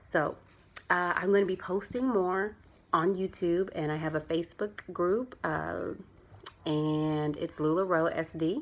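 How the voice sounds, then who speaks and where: A woman's voice: lowish voice, a little slow. A chatty, earnest young adult woman talking casually in a heartfelt vlog, rambling a little as she explains why she sells clothing. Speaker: vlogger and clothing seller.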